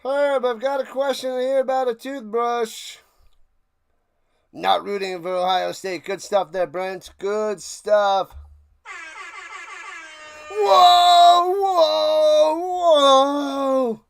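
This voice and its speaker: A man with a high voice and a gravelly, fry-laden edge hosts a live watch party stream. He calls plays and rants sarcastically to his chat. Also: steady tone, takes it slowly. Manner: ranting, sarcastic, talks to chat. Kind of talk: live play-by-play and casual rant.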